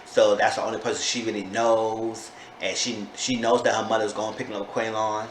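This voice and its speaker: A man giving a casual, gossipy recap of a reality show episode. He sometimes breaks into sudden high-pitched disbelief. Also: flat delivery, normal speed. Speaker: TV show reviewer. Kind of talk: casual chatty recap vlog. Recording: echoey room with faint background noise.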